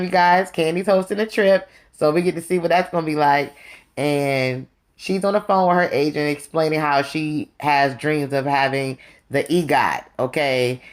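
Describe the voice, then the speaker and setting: Chatty, sassy reality-TV recapper. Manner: chatty and sassy, addresses viewers as "you guys" and "honey"; lively, swings between excited highs and low asides. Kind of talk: casual gossip recap.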